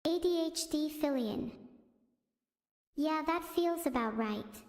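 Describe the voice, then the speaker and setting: A woman's voice: sits high, lively intonation, slow pace, darkish tone. A woman's synthetic text-to-speech voice hosting a stream, chatting casually and rambling, easily sidetracked. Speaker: streamer host. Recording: echoey room with long reverb.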